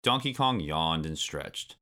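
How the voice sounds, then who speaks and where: Male storybook narrator, low and bright, very lively delivery. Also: slow. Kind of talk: storybook read-aloud.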